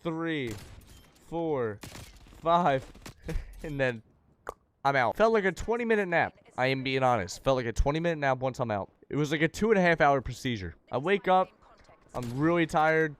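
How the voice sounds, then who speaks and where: A man's voice: a little high, lively intonation, a little fast. A young man telling a personal story in a laid-back, slangy way, swearing freely. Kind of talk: casual story time.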